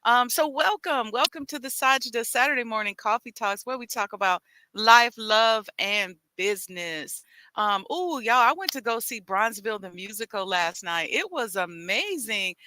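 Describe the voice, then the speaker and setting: A woman's voice: on the high side, expressive, normal speed, bright, forceful tone, no echo. A woman hosting a live talk outdoors, chatting in a folksy way with a Chicago accent, speaking into a headset mic. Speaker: host. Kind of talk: live-streamed casual talk.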